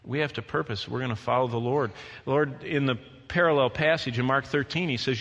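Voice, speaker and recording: Bright-voiced preacher man in echoing hall. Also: medium pitch, a little fast, dull audio. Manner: earnest, emphatic preaching with lists. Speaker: pastor. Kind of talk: sermon. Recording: long hall reverb.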